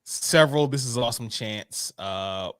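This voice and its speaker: A man's voice: mid-range voice, unhurried, fairly bright tone, smooth, dry recording, clean studio sound. A man co-hosting a casual wrestling podcast, chatting loosely and breaking into hyped announcer-style bursts. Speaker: podcast co-host.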